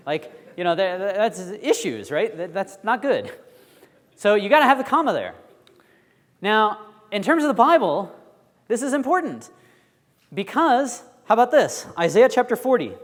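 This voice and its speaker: A man teaching a Bible school class, quizzing the audience in a lively, chatty way. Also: high voice, moderate pace, long reverb tail. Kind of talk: classroom lecture.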